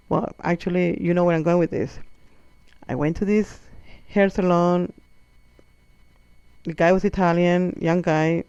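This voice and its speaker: The voice is high-pitched and creaky yet clean-toned, recorded with no room sound on dull-sounding audio. A comedian whose first language isn't English, he tells animated, foul-mouthed comic stories and acts out the voices of those involved.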